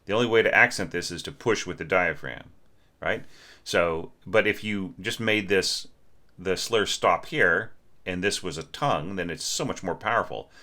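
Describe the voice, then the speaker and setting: A man's voice: low voice, moderate pace, bright, forceful tone. A middle-aged man teaching orchestration, talking through a student's score and humming the phrases he means. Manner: sings phrases to illustrate, thinks aloud with restarts. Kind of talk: spoken critique of a score.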